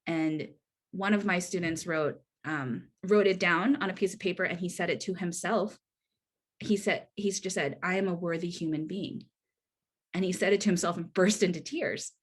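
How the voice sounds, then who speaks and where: A woman's voice: on the low side, normal speed. A woman presenting a workshop over a video call, earnest and conversational, with frequent restarts and a tag of "right?". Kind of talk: online workshop talk.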